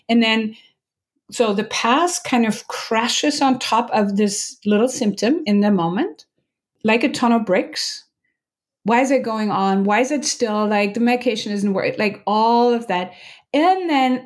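A woman meditation teacher explaining as an interview guest, gentle and earnest, talking loosely with many "like" fillers and restarts. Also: a little high, animated. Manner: gentle, earnest, acts out inner thoughts in quick asides.

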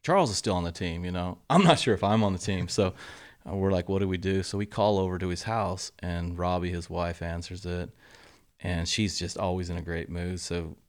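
A middle-aged man, a golf coach telling lively stories in an interview and acting out the quotes. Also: brisk. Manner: animated storyteller, acts out quotes, drops to a low murmur for asides. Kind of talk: casual interview storytelling.

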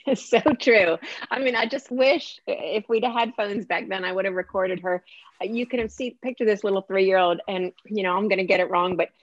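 A woman's voice: medium pitch, normal speed, no echo, dull audio. A woman author being interviewed, telling stories in a chatty, conversational way and laughing often. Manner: warm storytelling, laughs often. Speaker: author guest.

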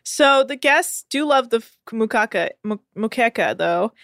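A woman's voice: on the high side, lively intonation, measured pace, a bit bright, dry recording, clean studio sound. A woman podcast host recapping a reality show in casual, profane, laughing chat.

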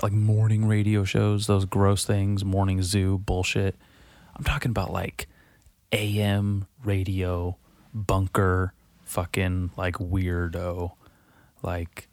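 Rambling low-voiced man in a dry room. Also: a little mellow, no room sound. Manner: rambling and confessional, heavy swearing and filler words. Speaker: podcast host. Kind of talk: late-night solo podcast monologue. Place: darkened room lit by Halloween lights.

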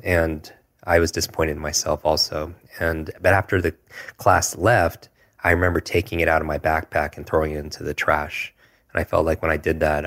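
A man in his forties recounts his past as an interview guest, earnest and reflective. His voice sits extremely low, and his pitch moves very little. He often pauses on asides like "if you will". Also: a bit bright. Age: 40s. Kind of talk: personal storytelling in an interview.

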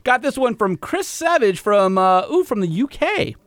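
A man's voice: sits high, big pitch swings, moderate pace, fairly bright tone, no echo. Middle-aged male co-host, giggly and chatty, dry close sound. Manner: giggly, laughs between phrases. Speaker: podcast co-host. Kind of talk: casual chat.

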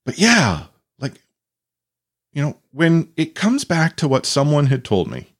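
A man's voice: a little high, measured pace. A man in his thirties, a father and podcast host, telling a rambling story in a casual monologue, with restarts and quotes acted out. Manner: rambling, animated, acts out quotes with many restarts.

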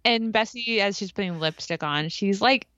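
A young adult woman co-hosting a podcast, recapping an episode with enthusiastic, animated chat and casual swearing. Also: mid-range voice, normal speed, no room sound, muffled recording. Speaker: podcast co-host.

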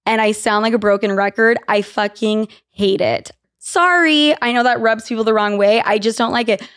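A young woman from Utah hosts her podcast alone, chatting casually and swearing freely as she tells candid stories. Her voice sits a little high, and she jumps between dry asides and excited bursts. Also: moderate pace, clean tone. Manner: candid, profane, animated storytelling. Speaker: podcast host. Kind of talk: casual solo podcast chat.

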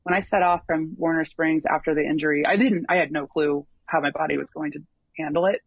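A man with a fairly high voice talks through his long hike at an easy pace, often stalling on ums and starting his sentences over. The sound is dull and lo-fi, close and dry, with no room around it. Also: fairly even intonation, a little fast, dry recording. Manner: rambling, full of ums and restarts. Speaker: long-distance hiker guest. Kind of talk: casual interview storytelling.

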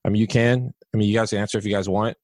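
A man's voice: fairly low pitch, steady tone, rapid-fire, a little mellow, no echo. A man hosting a podcast, asking rambling questions with hesitant restarts and reading out listener questions. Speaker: podcast host. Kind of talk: moderating a podcast discussion.

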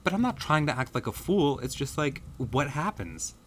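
An American man in casual podcast chat, telling animated, self-mocking travel stories. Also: a little high, normal speed, a little hiss or hum. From United States.

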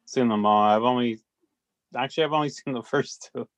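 A man's voice: medium pitch, a little fast, dry recording. Hesitant man in dry sound. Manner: hesitant, filler-heavy. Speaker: podcast co-host. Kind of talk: casual chat.

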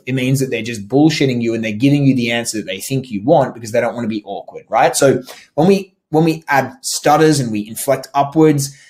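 A man coaching salespeople through a recorded training presentation. He speaks at a middle pitch in a loose, conversational way, often restarting his sentences and using fillers. He sometimes acts out what a prospect might say in a different tone. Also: a little mellow.

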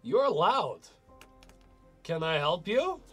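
A man's voice: high voice, big pitch swings, takes it slowly, fairly bright tone, faint music behind, heavily acted. A man voicing an aloof, unbothered lizardfolk woman leader with a blunt, dry manner in a tabletop game. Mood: curt.

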